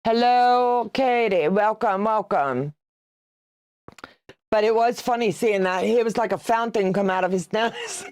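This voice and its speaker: A woman's voice: on the high side, animated, normal speed, few pauses, a little mellow. A woman in her sixties hosting a quilting livestream. She chats casually while she sews, teases viewers and greets them by name, and laughs often. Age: 60s. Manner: chatty and teasing, reads out viewer comments, laughs often.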